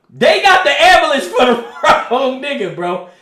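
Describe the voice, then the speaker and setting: Animated, high-pitched, profane male streamer. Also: measured pace, roomy sound. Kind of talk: casual livestream reaction chat.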